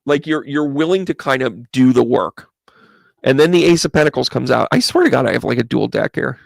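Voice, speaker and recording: A chatty man reads tarot cards for a live-stream audience and greets viewers by name as he talks through each card. His voice has a gravelly, creaky edge at an everyday middle pitch, and the sound is close and dry. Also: a little fast, dry recording. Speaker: psychic medium giving tarot readings.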